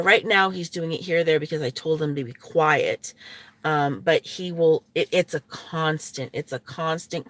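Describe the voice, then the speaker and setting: Slow-talking woman vlogging from a car. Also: on the low side, fairly bright tone, no echo. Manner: rambling, halting with many restarts and fillers. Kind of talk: casual vlog commentary. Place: inside a parked car. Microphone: phone.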